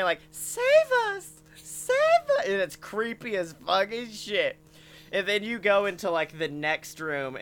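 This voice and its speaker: A comedian telling a rambling comic story, animated, full of "like" and swearing. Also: medium pitch, clean tone. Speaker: podcast comedian.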